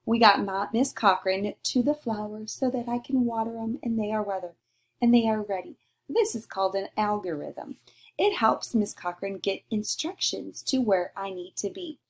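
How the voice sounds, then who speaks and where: A woman teacher giving a recorded lesson to young children, slowly sounding out letters and praising answers. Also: mid-range voice. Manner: slow, sing-song and encouraging, sounding out letters.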